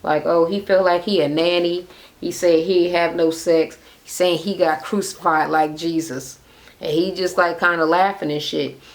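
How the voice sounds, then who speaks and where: Speaking at normal speed with a lowish voice and fairly even intonation, a woman gives a profane, gossipy recap of a reality TV episode. She retells scenes by acting out what the cast said.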